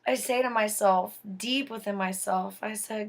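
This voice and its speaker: Speaking slowly and deliberately in a mid-range voice, a woman tells her own life story in a casual, dramatic way. At the tense moments her voice drops to a hush.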